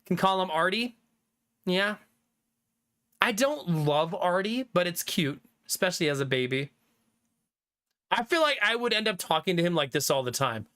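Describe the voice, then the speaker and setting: A man's voice: high voice, lively intonation, normal speed, long pauses, pushed and bright. A man in his thirties, a livestreamer chatting casually with viewers, reading chat aloud and laughing often.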